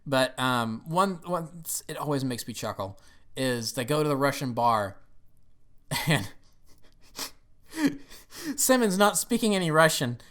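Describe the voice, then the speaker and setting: A man's voice: mid-range voice, big pitch swings, slow, pauses often, fairly bright tone. A young man giving casual, rambling commentary on a movie, often laughing and acting out lines.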